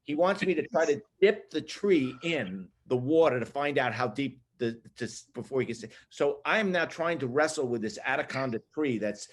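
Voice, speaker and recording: A man, a photographer, telling a lively story about his assistant days in casual group chat over a video call. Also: mid-range voice, normal speed, few pauses. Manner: animated, lively storyteller who laughs at his own story.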